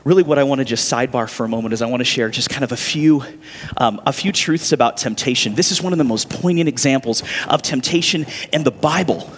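A man's voice: medium pitch, fast, long reverb tail, slight background noise. A man preaching a sermon as a pastor, conversational and often checking in with the congregation with questions.

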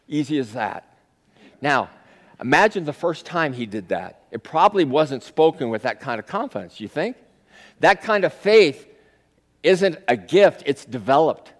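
A man preaching a sermon in a conversational storytelling style that swells into forceful peaks. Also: fairly high pitch, sing-song, measured pace. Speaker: pastor. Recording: long reverb of a large hall.

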